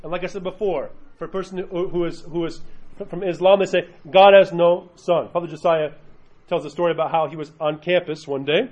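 A man's voice: a little high, fairly even intonation, brisk, a little mellow. A man teaching a religion class to a group, who often stops to ask the room questions. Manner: asks the class questions, uneven pace. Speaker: Orthodox Christian teacher. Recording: dull lo-fi recording.

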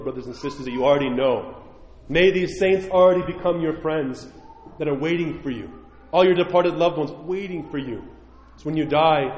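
Earnest priest preaching in an echoey church. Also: male voice, on the high side, a little hiss or hum. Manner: earnest storytelling with rising emphasis and hushed endings. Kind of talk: sermon.

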